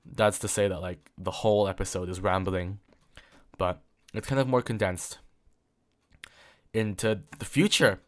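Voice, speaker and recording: A young man in his late teens from England, hosting a solo chat show. His voice sits on the low side, and he rambles, stumbles over his words, and fills gaps with "like" and "um". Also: steady tone, unhurried, pauses often, a bit bright. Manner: rambling, repeats words, many fillers. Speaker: podcast host.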